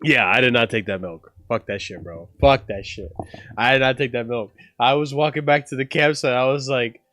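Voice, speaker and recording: A man's voice: mid-range voice, normal speed, no room sound, faint music behind. A man casually telling a story on a livestream, rambling and profane, full of "bro" and "like". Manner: animated, laughing through the story.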